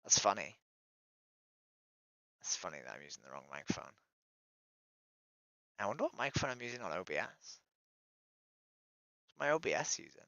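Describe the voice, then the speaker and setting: A woman's voice: extremely low pitch, sing-song, normal speed, pauses often, fairly bright tone, lo-fi sound. A woman streaming from home in casual live-stream chat, talking to herself between strangers and swearing freely. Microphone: desk microphone.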